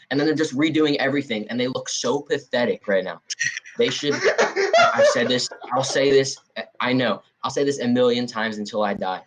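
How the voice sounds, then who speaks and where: A man's voice: medium pitch, big pitch swings, moderate pace, background noise. A man co-hosting a podcast, ranting bluntly and heatedly, repeating himself as he talks. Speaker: podcast co-host. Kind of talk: casual ranting podcast chat.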